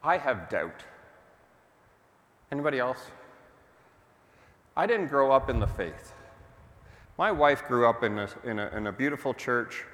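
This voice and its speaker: A man's voice: mid-range voice, expressive, unhurried, long pauses, fairly bright tone, big-room sound. A man preaching a sermon as pastor, telling the story in a conversational way and putting questions to the congregation.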